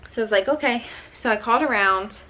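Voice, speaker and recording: A woman's voice: medium pitch, quick pace, sharp tone, poor audio. A woman in her twenties, a vlogger, telling a personal story in a casual, chatty way, with plenty of "um" and "like". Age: 20s. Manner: chatty, full of "um" and "like".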